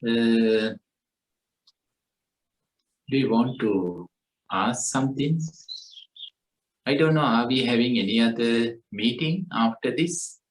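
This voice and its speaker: A man leading a meditation retreat group session, speaking gently and haltingly with fillers. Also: medium pitch, lively intonation, roomy sound, recorded from a distance, low-quality recording. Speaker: meditation teacher. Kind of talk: retreat group talk over a call.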